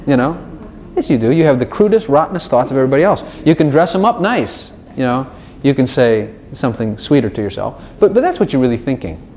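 Speaking at a quick pace with medium pitch, a man gives a relaxed, conversational sermon while a faint hiss or hum sits underneath. He acts out exchanges with God, shifting his voice between his own prayers and God's replies, all with lively energy.

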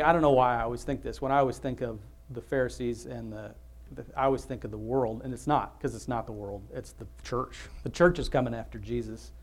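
A male pastor giving an informal, rambling sermon, full of asides, restarts and self-interruptions. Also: mid-range voice.

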